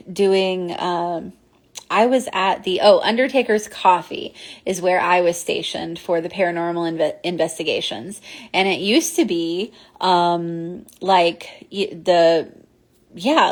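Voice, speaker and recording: A woman recounts a ghost encounter in loose, meandering speech. Her voice sits slightly low, and she keeps stopping for fillers and restarting her sentences. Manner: rambling, many fillers and restarts. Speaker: podcast host. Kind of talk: casual storytelling.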